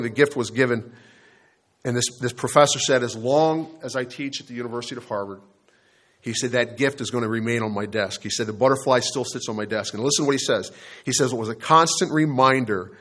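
A man delivers a sermon from the pulpit, telling a story to his congregation and turning to speak to them directly. His voice sits in a middle pitch. He slows down sharply to stress his key points. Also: fairly bright tone. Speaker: pastor.

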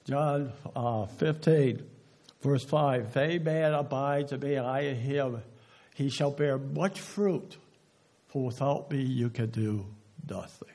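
A man preaching a sermon, slow and emphatic, often dropping to a hush on key words and asking the listeners questions. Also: medium pitch. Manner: asks the audience rhetorical questions.

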